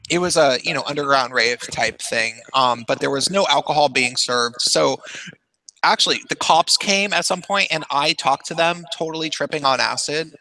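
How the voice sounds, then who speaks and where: Bright, dry-voiced man telling a rambling story. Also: medium pitch, no echo, poor audio. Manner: rambling, halting, with frequent restarts and laughs. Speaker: podcast host. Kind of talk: casual storytelling chat.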